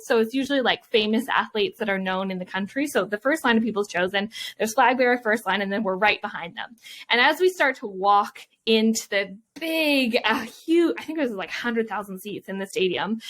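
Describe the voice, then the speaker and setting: A woman's voice: fairly high pitch, fairly bright tone. A young adult woman, an Olympic athlete, telling an emotional, reflective story in an interview, full of fillers. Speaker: Olympian guest.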